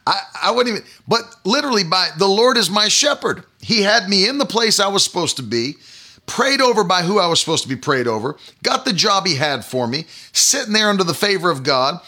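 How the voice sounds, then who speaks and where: A middle-aged man preaching a sermon, telling a personal story with laughter and animated delivery. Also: high-pitched, a little fast.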